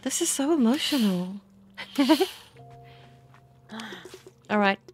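A woman's voice: on the high side, lively intonation, slow pace, slightly rough. A woman streamer giving casual, gushing commentary while playing a game, often exclaiming. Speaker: gaming streamer. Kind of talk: casual let's-play commentary. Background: faint game music.

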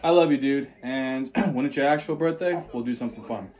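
A man giving relaxed, playful birthday wishes. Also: medium pitch, fairly quick. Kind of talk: casual birthday message.

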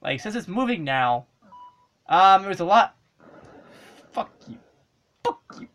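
A woman giving casual commentary while playing an old handheld game, excitable and swearing and yelling at the screen. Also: mid-range voice, slow. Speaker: let's play gamer.

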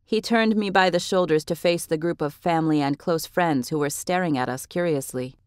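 Woman audiobook narrator, first-person, measured and expressive, slightly low voice, dry booth. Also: smooth, no room sound.

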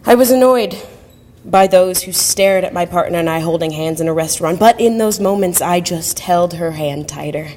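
On stage in a university event hall, a monologue performer recounts a personal story in a reflective way. Her voice is lowish and mellow at a moderate pace, with long hall reverb in the recording.

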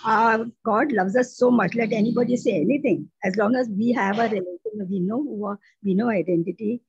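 A woman's voice: mid-range voice, brisk, breathy edge, highs cut off. A woman sharing a personal testimony in a prayer group, telling it earnestly with frequent restarts.

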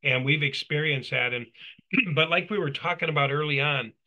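A man's voice: on the high side, normal speed, lo-fi sound. A middle-aged man co-hosting a casual talk, telling his story with animation and acting out the quotes. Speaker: co-host. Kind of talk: casual testimony chat.

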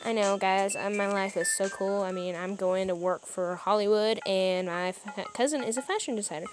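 A woman's voice: medium pitch, fairly even intonation, normal speed, few pauses. A woman playing a story game, reading its dialogue aloud and making chatty, giggly asides to her viewers. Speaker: game player. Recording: music playing underneath.

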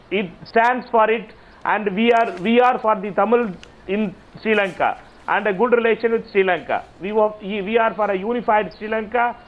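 A man with an Indian English accent, speaking as a member of parliament on a panel in a heated televised political debate, insistent and repeating himself as he talks over others. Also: high-pitched. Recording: phone-like remote audio link.

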